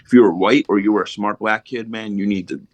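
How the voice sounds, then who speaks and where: A man spins long, streetwise stories from his past, swearing as easily as he breathes. His voice sits very low, and the recording is dry and close, with no room around it. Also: fairly even intonation, fast talker, darkish tone, no echo, dull audio. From Philadelphia. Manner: rambling, streetwise, swears casually. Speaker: podcast guest. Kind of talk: casual storytelling.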